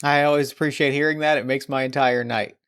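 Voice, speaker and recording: A man's voice: mid-range voice, fairly even intonation, quick pace, fairly bright tone, clear, resonant tone. A man hosting a tabletop role-playing podcast, chatting enthusiastically with a guest before the game. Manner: upbeat, enthusiastic, many fillers. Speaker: podcast host and game master.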